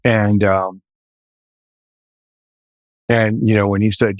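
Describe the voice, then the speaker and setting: A man, a former police officer, telling a story in an earnest, animated way. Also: lowish voice, slow, no echo. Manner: earnest, animated, shouts in quoted lines. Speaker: former navy chief and police officer, guest. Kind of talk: casual storytelling.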